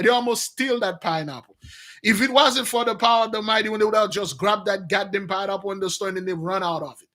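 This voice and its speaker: A man preaching in an animated, free-wheeling monologue. His voice sits high and bright, jumping from loud bursts to hushed mutters. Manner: animated, swings between loud outbursts and low mutters. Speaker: spiritual teacher.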